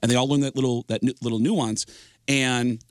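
A man, a comedian guest on a radio show, chatting in a lively storytelling manner. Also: medium pitch, a little fast, dry recording, studio quality. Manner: animated storyteller slipping into impressions.

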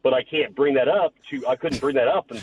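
A man's voice: mid-range voice, fast talker, darkish tone. A man calling in to a radio show, telling a personal story in a matter-of-fact, wry way. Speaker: caller. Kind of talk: telling a story on a phone call. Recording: dull lo-fi line with faint noise.

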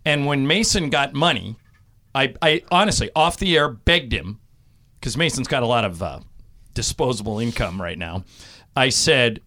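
A man hosting a sports radio show, telling stories in a lively, animated way. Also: medium pitch, moderate pace. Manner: animated storyteller, does loud impressions when quoting. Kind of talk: casual sports radio chat.

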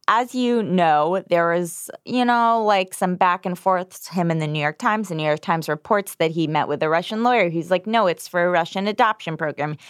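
A woman co-hosting a podcast, chatting casually and mocking the news with sarcastic, animated asides. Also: fairly low pitch, smooth, dry recording, studio quality. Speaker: podcast co-host. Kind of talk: casual comedic political chat.

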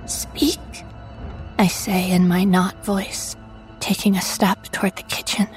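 A woman narrating a first-person horror story in a hushed voice that often drops to a whisper. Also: lowish voice, flat delivery, a little slow, faint music behind, poor audio.

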